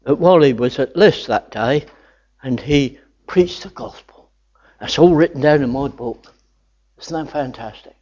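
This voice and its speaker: A man's voice: medium pitch, a little slow, a little mellow. An older man preaching a sermon, earnest and building to enthusiastic exclamations of wonder. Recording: dull lo-fi recording.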